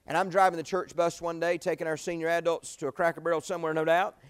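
A quick-talking man in his forties preaching from the pulpit. His voice sits a bit high, and he tells homey stories that rise to loud bursts and drop to near-hushed asides. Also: level tone, clear, resonant tone. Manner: folksy storytelling, swinging from loud exclamations to quiet asides. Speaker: pastor. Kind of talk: sermon.

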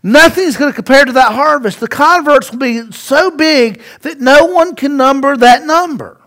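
Male pastor with a very high voice, dynamic sermon delivery that swings from loud to hushed and quizzes the congregation. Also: moderate pace. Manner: rhetorical questions to the congregation.

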